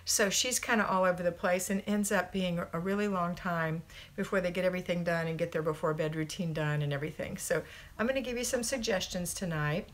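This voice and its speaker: A woman's voice: fairly low pitch, fairly quick. A middle-aged American woman hosting a casual home livestream, greeting viewers by name and giving homemaking advice in a chatty, upbeat way. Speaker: homemaking coach and livestream host.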